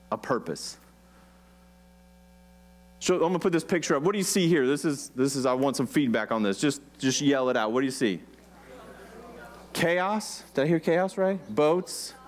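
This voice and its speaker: A man's voice: fairly high pitch, moderate pace, pauses often. Chatty man preaching. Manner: conversational, asks the congregation questions. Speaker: pastor. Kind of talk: sermon.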